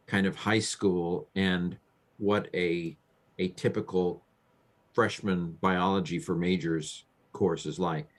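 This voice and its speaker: A male professor joins a podcast over a video call. His voice sits a bit low, and he works through his ideas hesitantly, repeating words and filling pauses with um. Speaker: guest professor.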